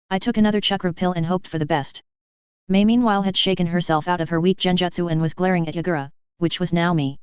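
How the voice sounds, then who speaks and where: Fast fanfic reader, very clear crisp voice, dull lo-fi sound. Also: mid-range voice, steady tone, no room sound. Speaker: audiobook reader. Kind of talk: reading fan fiction aloud. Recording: dull lo-fi recording.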